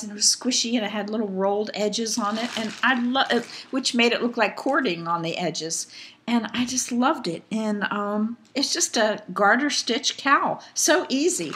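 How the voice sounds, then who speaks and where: Woman, knitting vlogger; casual, rambling home chat, mid-pitched, filler-heavy. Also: a bit bright, a little hiss or hum. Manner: rambling, chatty, many fillers.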